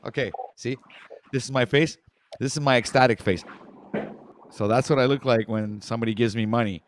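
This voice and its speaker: A man's voice: medium pitch, fairly even intonation, fairly quick, long pauses, noisy background. A man from Canada with a French Canadian accent hosting a casual livestream talk show, stumbling over his words and joking about himself. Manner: stumbling, self-mocking, often restarts words.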